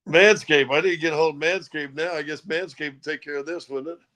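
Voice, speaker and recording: Man, co-host, easygoing, rambling, playful, slightly high voice. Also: steady tone, a little fast, bright, forceful tone. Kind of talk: casual chat.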